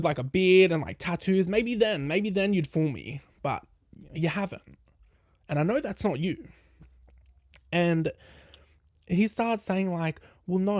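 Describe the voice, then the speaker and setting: Recorded dry with clean studio sound, this slightly high-voiced young man hosts a podcast and shares a casual storytime. He's candid and curses freely, acting out both people in the exchange with lively quoted dialogue.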